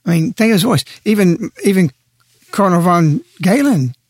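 A man's voice: sits high, animated, normal speed, dry recording, studio quality. A man speaking on a radio talk show in an impassioned, preaching way, pressing his points hard. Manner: forceful, preaching, emphatic.

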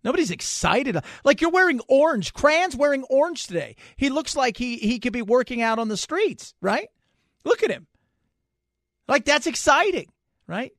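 Male talk show host with a high voice, animated and joking, on a dry studio mic. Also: normal speed, no room sound. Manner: animated, joking, restarts sentences. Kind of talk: casual talk radio commentary. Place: radio studio. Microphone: studio microphone.

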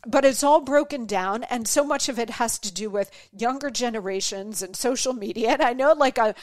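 A woman's voice: a little high, normal speed, no room sound, clean studio sound. A woman hosting her own podcast, ranting with exasperation and acting out mocking quoted voices. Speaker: podcast host. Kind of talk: opinion monologue.

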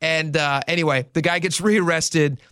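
On talk radio, a male host with a fairly high, bright, clear and resonant voice spins a news story and acts out every quote. He speaks at a moderate pace with fairly even intonation. The sound is close and dry, with no room sound at all.

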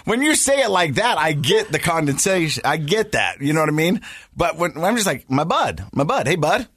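A man hosting a podcast in casual chat, playful and animated as he tells stories. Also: fairly high pitch, a little fast, no echo, studio quality. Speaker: podcast host.

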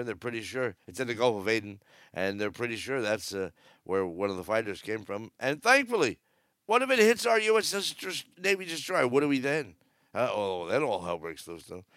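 Older man in his 70s, podcast host, gravelly and dry-miked, blunt rambling commentary. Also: on the low side, a bit bright, no room sound. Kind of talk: opinionated news commentary. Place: aboard a cruise ship.

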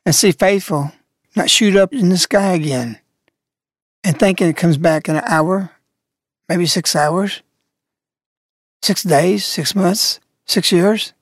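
A woman narrating a devotional reflection in a measured, thoughtful reading. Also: lowish voice, dry recording, clean studio sound.

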